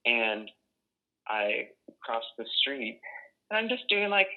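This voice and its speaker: A man's voice: medium pitch, sing-song, slow pace. A young man from Boston telling personal stories in a blunt, profane way, full of casual fillers, heard over a tinny phone-like line. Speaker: oral history interviewee. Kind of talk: casual storytelling.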